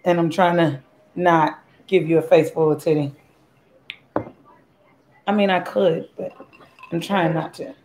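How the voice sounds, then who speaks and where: A slight hiss or hum underlies this woman's lowish, slightly mellow voice, which stays fairly even, moves a little slowly, and leaves long pauses. Hosting a casual cooking live stream at home, she mixes a drink, jokes, and greets viewers by name.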